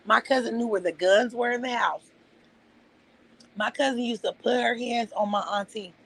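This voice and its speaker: A woman's voice: on the high side, moderate pace, a bit bright, breathy edge, low-quality recording. A middle-aged woman on a livestream, ranting with heat and profanity and repeating her phrases for emphasis. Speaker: livestream host. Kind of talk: emotional livestream rant.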